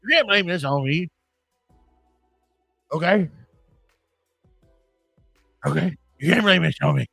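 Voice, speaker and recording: A man's voice: on the high side, animated, slow pace, gravelly, long pauses, sharp tone, slightly rough, no room sound, faint music behind. Rambling, crude-joking male podcaster. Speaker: podcast host. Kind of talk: casual podcast chat.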